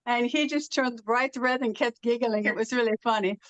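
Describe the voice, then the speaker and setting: Telling stories casually and filling gaps with frequent "uh"s, this middle-aged woman from Los Angeles, United States, is an interview guest whose R's sound Irish. She speaks at a moderate pace in a slightly high voice, with no room sound but poor audio.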